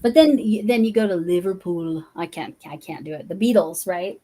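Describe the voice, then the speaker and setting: A woman's voice: on the low side, normal speed, warm tone. Chatty woman from Colorado hosting. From Colorado, USA. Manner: chatty and curious, musing aloud. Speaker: host. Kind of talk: casual livestream chat while crafting.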